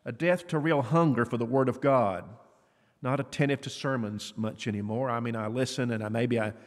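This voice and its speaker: A man's voice: medium pitch, brisk. A man preaching a sermon in an earnest, conversational way, asking his listeners questions. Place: church auditorium. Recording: long reverb of a church hall.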